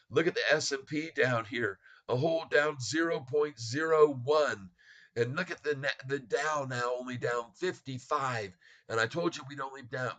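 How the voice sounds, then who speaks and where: A man's voice: mid-range voice, a bit bright. A man hosting a live stock market stream, reading out prices and taunting short sellers with frequent laughter. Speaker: stock market livestream host.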